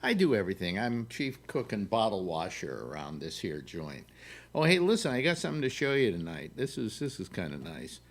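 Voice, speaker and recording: A man's voice: lowish voice, big pitch swings, fairly quick. A man hosting a casual live call-in chat show from his home, rambling with lots of fillers and restarts, joking along the way. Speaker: host. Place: home studio in New York. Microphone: desktop mic, video call.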